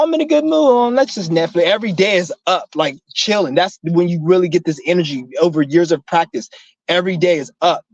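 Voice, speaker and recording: A man's voice: on the high side, no echo. A man ranting casually to camera, rambling and emphatic, swearing a lot. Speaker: vlogger preaching breatharianism. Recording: dull lo-fi dry sound.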